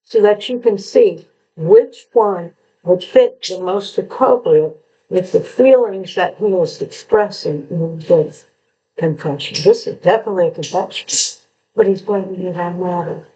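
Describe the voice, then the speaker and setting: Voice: medium pitch, a little slow, warm tone, dull audio, slight background noise. A true crime commentator analysing a confession letter, who lectures with emphasis and asks rhetorical questions.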